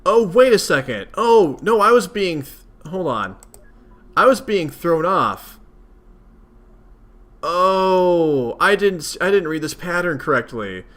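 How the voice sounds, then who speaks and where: A man's voice: high voice, animated, slow pace, a bit bright. Chatty young man playing a game. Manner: chatty, self-mocking. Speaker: let's play host. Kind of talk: casual game commentary.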